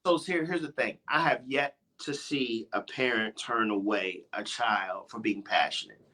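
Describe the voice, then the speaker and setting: A man's voice: fairly low pitch, measured pace. A middle-aged man hosting a radio talk show, arguing his point emphatically and restarting his sentences as he goes. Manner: animated, emphatic, often interrupting himself. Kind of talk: heated casual debate.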